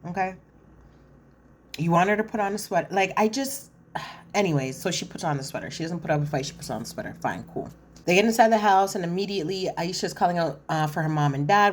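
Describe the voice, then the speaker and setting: A brisk, expressive woman with a voice on the low side recaps a reality show as a commentator. Her take is casual, blunt and slangy, peppered with fillers.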